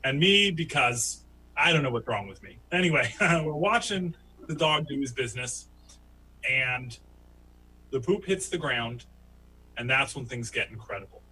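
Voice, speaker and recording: A man doing a stand-up comedy story who laughs at his own tale and jumps into high, squeaky voices for the people he quotes. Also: animated, unhurried, pushed and bright, slight background noise, poor audio. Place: home, virtual show.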